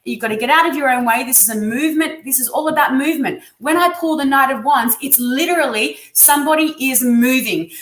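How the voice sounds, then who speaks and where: Australian woman, high voice, gushing live-stream tarot reader, echoey room. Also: fairly quick, hardly any pauses, a bit bright. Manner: effusive, encouraging.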